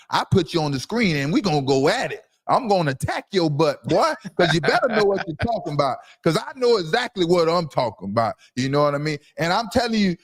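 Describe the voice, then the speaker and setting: A man hosting a casual sports talk livestream from home, loud and brash, trash-talking his commenters. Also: a little high. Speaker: podcast host.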